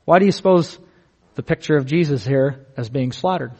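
A man preaching a sermon in an earnest, vivid way, slowing down on key words. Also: on the high side, darkish tone. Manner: earnest, vivid, slows down for emphasis.

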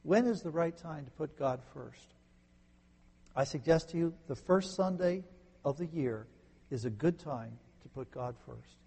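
A man preaching a sermon as a pastor, swinging from emphatic peaks down to quiet low phrases. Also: unhurried, creaky, breathy edge. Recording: long reverb in a large hall.

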